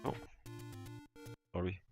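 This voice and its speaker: A French-speaking man from Quebec with a Québécois French accent, chatting loosely while he plays a game live, with halting starts, fillers and restarts. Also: darkish tone. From Quebec, Canada. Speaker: streamer. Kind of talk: casual gaming livestream chat. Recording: faint game music underneath.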